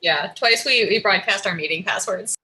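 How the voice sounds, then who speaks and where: A woman's voice: mid-range voice, normal speed, bright, forceful tone, low-quality recording. A woman, a festival organizer, chatting eagerly on a video call. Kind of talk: casual video call chat.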